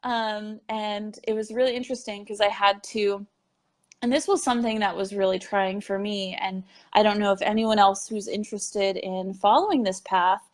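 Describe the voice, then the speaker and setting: A woman's voice: mid-range voice, steady tone, moderate pace. A young woman in a casual interview, telling her story of becoming a medium in a chatty way, with plenty of fillers and little laughs.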